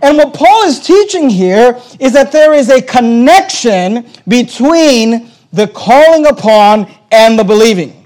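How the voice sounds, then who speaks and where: This preacher's voice is strikingly high yet darkish in tone, animated and measured, with hardly any pauses. Returning over and over to the same phrases, he hammers his sermon points through emphatic repetition, captured on poor audio.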